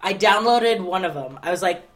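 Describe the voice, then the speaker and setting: A woman's voice: lowish voice, animated, normal speed. Playful giggly young woman co-host. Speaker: podcast co-host. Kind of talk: casual chat.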